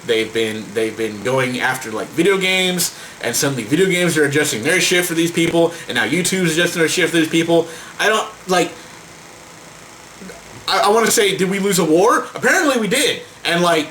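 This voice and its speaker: Exasperated man ranting, lively bright voice. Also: a little high, moderate pace, slight background noise, rough recording. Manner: profane, exasperated, stumbling over repeated words. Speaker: vlogger. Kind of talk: heated rant to camera.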